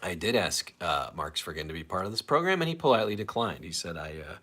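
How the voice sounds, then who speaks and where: A man with a fairly low voice hosts a casual live stream from a home setup. He rambles loosely and pokes fun at himself while reading viewer comments aloud. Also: very animated, fast, bright, forceful tone. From St. Louis area, USA. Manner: rambling, self-deprecating, reads comments aloud.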